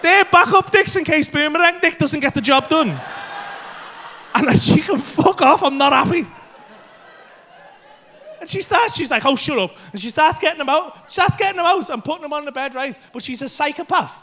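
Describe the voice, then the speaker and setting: High-pitched bright stand-up guy, sweary and loud, yelling bits of the story at a club crowd. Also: animated, fairly quick. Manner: brash, sweary storytelling with bursts of shouting. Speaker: stand-up comedian. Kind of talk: stand-up comedy set. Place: comedy club stage.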